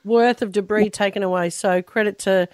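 A woman co-hosting breakfast radio bubbles and teases through her banter. Her mid-range, darkish voice has fairly even intonation and a moderate pace, in studio-quality sound with no room noise.

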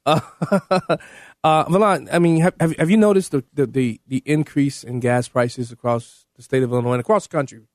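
A man hosting a talk radio show, excitable and quick to shout when he argues. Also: no echo, studio quality. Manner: excitable, shouts and jumps high in pitch when arguing. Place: radio studio.

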